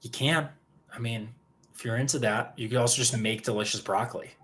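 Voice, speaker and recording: A man's voice: mid-range voice, steady tone, a little fast, a bit bright, a little hiss or hum. A man co-hosting a livestream in casual chat, rambling and restarting his sentences. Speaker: co-host.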